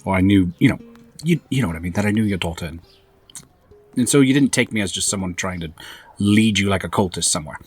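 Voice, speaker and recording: A man's voice: low voice, animated, fast talker, slightly rough. A man playing a tabletop game in character, rambling awkwardly and self-deprecatingly. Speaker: player.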